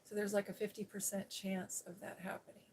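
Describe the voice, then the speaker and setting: A woman's voice: mid-range voice, level tone, brisk, creaky, a little mellow, a little hiss or hum. A woman sits and talks straight to her viewers on a live stream, winding through a long personal story. She keeps jumping between asides, and she slips into the voices of the people she quotes. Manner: rambling, storytelling, quoting others with changes of tone. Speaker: ASMR channel host. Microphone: seated on a day bed, live stream.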